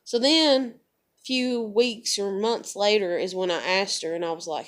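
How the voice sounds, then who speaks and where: A woman's voice: mid-range voice, measured pace. A young woman, telling a personal story to her vlog in a blunt, profane, emotional way. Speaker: vlogger.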